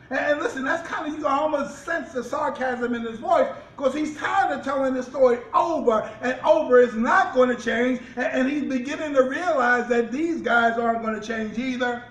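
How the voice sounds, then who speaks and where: A man's voice: extremely high pitch, brisk, hardly any pauses, a bit bright, echoey room, distant mic, poor audio. A man, a pastor, preaching a sermon with rising fervor and repeated restarts.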